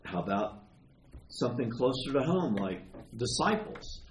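A man preaching a sermon in a conversational, animated way, retelling stories and asking his listeners questions. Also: mid-range voice, measured pace. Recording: echoey room with faint ambient noise.

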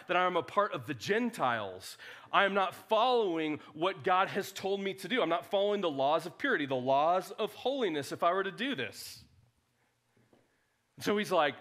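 Guy pastor preaching, kinda high voice, acts out the bible bits all animated. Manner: animated storytelling, acts out biblical dialogue. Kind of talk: sermon.

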